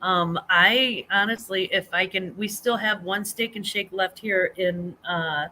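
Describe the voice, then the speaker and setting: A middle-aged woman chats and rambles on her home live stream, laughing often and restarting sentences as she reads comments aloud. Her voice is bright and lively, with a faint hiss of room noise behind her. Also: medium pitch, unhurried. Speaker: host of a live chat stream. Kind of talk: casual live-stream chat reading comments.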